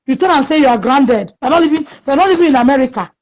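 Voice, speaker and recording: A high-pitched Nigerian woman speaks with strong conviction, scolding and emphatic, with pidgin phrases woven into her talk. The recording is dull and lo-fi. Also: animated, fast talker, a little mellow. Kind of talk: passionate opinion talk. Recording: muffled lo-fi recording.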